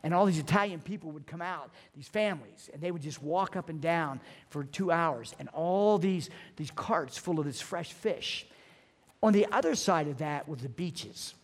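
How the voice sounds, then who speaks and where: A man's voice: a little high, moderate pace. A middle-aged man preaching a sermon, telling stories in a loose, conversational way with restarts and then reading scripture with emphasis. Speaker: pastor. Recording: long reverb of a large hall.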